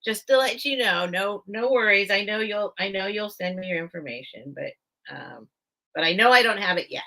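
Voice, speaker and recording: A woman's voice: mid-range voice, moderate pace, sharp tone. A woman hosting a casual live vintage sale from home, chatting and thinking aloud straight to her viewers. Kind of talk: casual live-stream selling chat.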